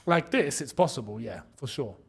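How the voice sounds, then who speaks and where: A young man with a London accent hosts a live football watchalong in a medium-pitched, expressive voice that is creaky, fairly bright, and slightly rough. He talks at normal speed, chats casually about the match, laughs a lot, and reads out super chats.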